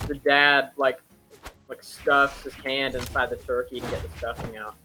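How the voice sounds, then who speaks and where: A man's voice: medium pitch, little pitch movement, normal speed, sharp tone, faint music behind. A young man casually retelling a film plot, rambling and joking, with lots of fillers and self-corrections. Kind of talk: casual chat.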